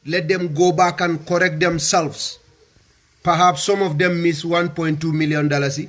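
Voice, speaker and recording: A man's voice: on the high side, flat delivery, moderate pace. A man with a Gambian accent, giving an impassioned political speech and pressing home rhetorical questions. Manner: forceful, repeats rhetorical questions. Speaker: political commentator.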